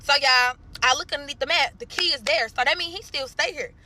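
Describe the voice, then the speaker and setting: A woman's voice: high voice, pushed and bright. A young woman from St. Louis telling a storytime vlog, cursing freely and calling her viewers y'all. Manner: profane, addresses viewers as y'all, drawn-out dramatic telling.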